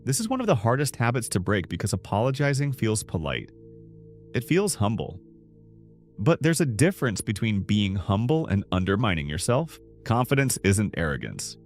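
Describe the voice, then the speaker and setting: Low, lively man coaching confident speech. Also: moderate pace, soft background music. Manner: emphatic, punchy short sentences. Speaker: speaking coach. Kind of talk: scripted self-help narration.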